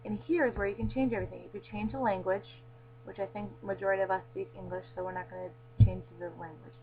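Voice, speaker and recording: A woman walking through a web tool in a casual screencast tutorial, filling pauses with frequent ums. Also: mid-range voice, steady tone. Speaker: tutorial presenter. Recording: tinny lo-fi mic with faint hum.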